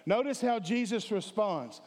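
A man's voice: sits high, expressive, a little slow, a little mellow. A man preaching a sermon as pastor, emphatic and calling for responses from the congregation. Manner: emphatic, calls for audience response. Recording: echoey hall with long reverb.

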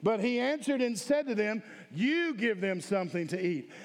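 A man with a high, animated voice preaches a sermon as pastor at a moderate pace. He is emphatic and calls for responses from the congregation. The recording sits in an echoey hall with long reverb.

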